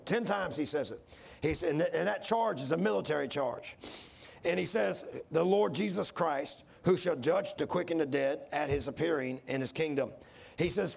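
A man's voice: fairly high pitch, normal speed, vocal fry, breathy edge. A man preaching a sermon in a folksy style, building to fervent intensity.

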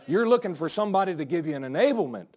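A male pastor preaching a sermon, out of breath, swinging from folksy asides to shouted peaks. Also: high-pitched, sing-song, very fast. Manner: folksy, joking asides to the congregation.

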